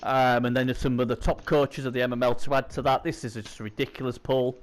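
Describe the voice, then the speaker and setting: A man's voice: mid-range voice, flat delivery, fast, slight background noise. A man hosting a casual gaming preview chat, his voice strained by a sore throat, rambling with lots of fillers. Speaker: host.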